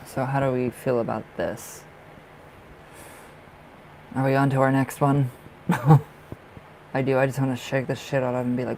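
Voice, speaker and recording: A man doing a live tarot reading for viewers, his voice rough with a gravelly edge. He rambles and circles back on himself, leans on fillers, and speaks bluntly, swearing freely. A faint hiss sits under the voice. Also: mid-range voice, flat delivery, normal speed, pauses often, a little mellow, rough recording. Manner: rambling, emphatic, heavy on fillers. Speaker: tarot reader.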